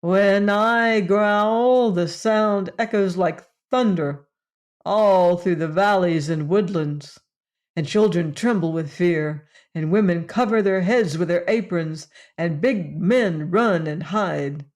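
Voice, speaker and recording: A woman plays a proud, easily offended beast in a storybook reading. He boasts in a low, unhurried voice, though there is nothing fierce in him. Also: a little mellow. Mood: boastful. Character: boastful but harmless male beast, gentle. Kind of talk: audiobook character voice.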